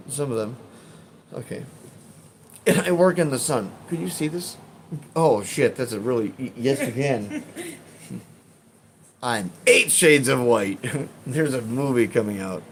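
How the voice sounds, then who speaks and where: Chicago guy rambling on his stream, swears a lot, mid-pitched voice. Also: a little hiss or hum. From Chicago, USA. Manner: rambling and profane, laughs often. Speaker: live streamer. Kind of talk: casual live-stream chat, reading comments.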